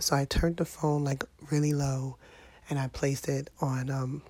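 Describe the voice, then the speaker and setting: A woman's voice: rumbling low, fairly even intonation, normal speed, dark tone, dry recording. Sick, exasperated woman venting to viewers. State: sick with a sinus infection. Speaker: vlogger. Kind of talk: casual vlog monologue.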